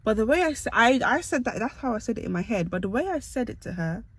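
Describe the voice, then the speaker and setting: A woman's voice: fairly high pitch, sing-song, fast talker, slightly rough, rough recording. A young woman from the UK telling stories to camera in a chatty, self-mocking way. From United Kingdom. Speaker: vlogger. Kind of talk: casual storytelling to camera.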